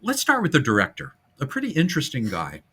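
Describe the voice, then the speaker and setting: A man hosting a casual film-history podcast, animated and jokey, now and then breaking into silly voices. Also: on the high side, fast talker, husky. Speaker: podcast host.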